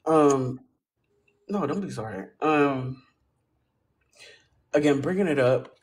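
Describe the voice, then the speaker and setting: A man joining a live stream argument, talking haltingly with pauses and restarts. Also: medium pitch. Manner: halting and hesitant, full of restarts. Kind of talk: heated livestream argument. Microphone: phone on a live stream.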